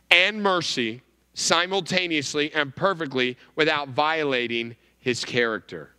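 A male pastor giving a sermon, emphatic, with wide swings in pitch and volume. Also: pushed and bright, clean tone, long reverb tail.

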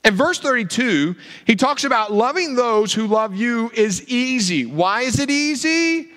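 High, lively preaching man in a hall. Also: unhurried. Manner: animated preaching with rhetorical questions. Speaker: pastor. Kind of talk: sermon. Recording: reverberant hall.

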